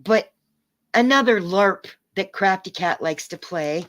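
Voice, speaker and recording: A woman's voice: medium pitch, lively intonation, a little slow, fairly bright tone. A woman livestreaming, ranting angrily at her chat and swearing in a confrontational way.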